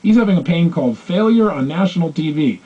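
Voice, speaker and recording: A man giving a motivational talk, telling stories with animated delivery and acting out the voices of the people in them. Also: on the high side, fast talker, husky. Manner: animated, acts out quoted voices. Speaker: motivational speaker. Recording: dull lo-fi recording.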